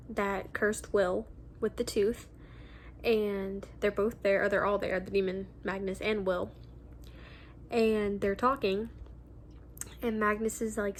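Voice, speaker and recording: A woman's voice: medium pitch, flat delivery, slow, pauses often, slight background noise. A nineteen-year-old woman chatting casually in a reading vlog, gushing about a book with lots of ums and likes. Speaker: book vlogger.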